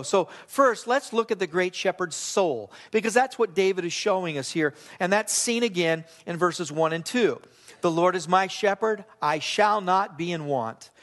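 A man preaching a sermon as pastor, earnest and emphatic, repeating key phrases and slowing down to read scripture aloud. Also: high voice, fairly bright tone.

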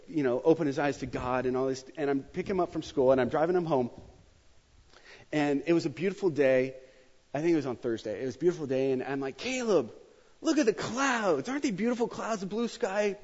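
Animated preaching man in a reverberant church. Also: a little high, fast talker. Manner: animated, joking, emphatic preaching. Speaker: pastor. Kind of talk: sermon. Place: church sanctuary. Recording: dull sound with long hall reverb.

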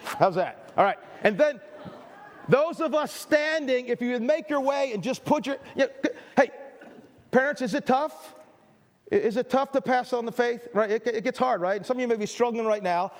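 A man's voice: very high-pitched, a little fast. A middle-aged male pastor preaching a sermon, earnest and emphatic, with stammered restarts and repeated phrases. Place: church hall. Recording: reverberant church hall.

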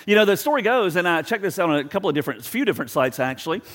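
Male pastor, high voice, chatty storytelling sermon that plays out little quoted scenes, recorded with long hall reverb. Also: racing. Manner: animated storytelling, acts out quotes; conversational, asks the crowd for agreement.

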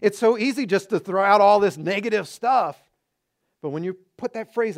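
A man with a notably high-pitched voice delivers a sermon as pastor. He exhorts his listeners earnestly, driving his points home with short, repeated declarations. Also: animated, normal speed.

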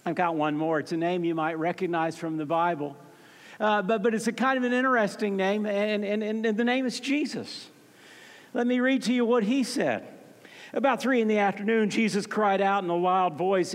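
A male pastor delivers a sermon in a fairly high voice, pressing hard on key lines and then dropping soft and low. He often stutters on the first words of a phrase. His voice rings with the long reverb of a large hall. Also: steady tone, normal speed. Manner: emphatic, rising to fervent peaks then dropping soft and low; repeats words when starting phrases.

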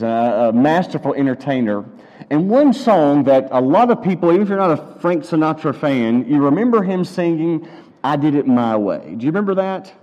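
A man preaching a sermon to a church congregation, measured and unhurried, stretching out words for emphasis. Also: a little high, a little mellow, long reverb tail, poor audio. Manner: measured, with slow drawn-out emphasis. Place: church sanctuary.

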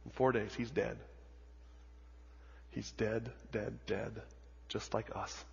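A husky-voiced male pastor preaching in a church, repeating phrases for emphasis and swinging from near-whispers to loud calls. His voice carries a long hall reverb. The audio is somewhat dull. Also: lowish voice, fairly even intonation, slow. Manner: dramatic storytelling with heavy repetition, swinging from hushed to loud. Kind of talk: sermon.

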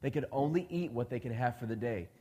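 A man's voice: medium pitch, quick pace, warm tone, husky. A male preacher giving a conversational sermon, often asking the congregation questions and acting out quoted dialogue. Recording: long reverb of a large hall.

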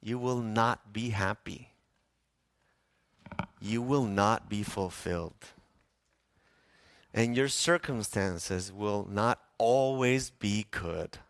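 A man preaching a sermon to his congregation, animated, asking them questions and acting out quoted voices. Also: fairly low pitch, slow pace, long pauses, smooth, no room sound, studio quality. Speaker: pastor. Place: church sanctuary.

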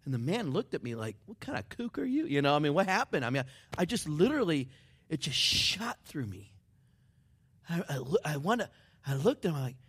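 A man preaching a sermon, dropping to near whispers and building up to excited shouts. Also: on the high side, a little fast, husky. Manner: dramatic swings from hushed to shouting. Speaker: pastor.

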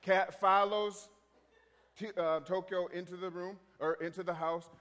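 A man telling a story in a rambling, halting way, full of restarts, as a minister sharing a testimony. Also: sits high, fairly even intonation, fairly bright tone, in a large hall.

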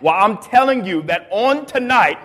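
A man's voice: high-pitched, lively intonation, normal speed, fairly bright tone, long reverb tail. A man preaching as pastor, reading scripture aloud and retelling it in casual slang with chuckles. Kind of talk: dialogue sermon.

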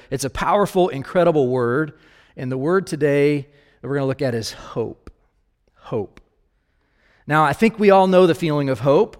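A male pastor delivering a relaxed, conversational sermon at an ordinary pitch. He speaks directly to his listeners and keeps posing questions to them. His voice trails into a long reverb, as if in a large hall.

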